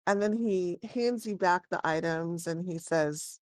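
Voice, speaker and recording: A woman's voice: lowish voice, measured pace, hardly any pauses, a little mellow, no room sound, studio quality. A woman narrating as game master in a tabletop game, chatty and digressive, often correcting herself.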